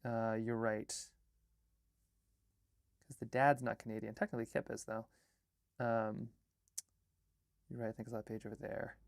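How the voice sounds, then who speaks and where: A man's voice: on the low side, level tone, measured pace, vocal fry, pauses often, dry recording, clean studio sound. A young man from Alaska, an artist and filmmaker, chatting casually on a livestream while he rambles through edits and reads chat comments and draft lines aloud.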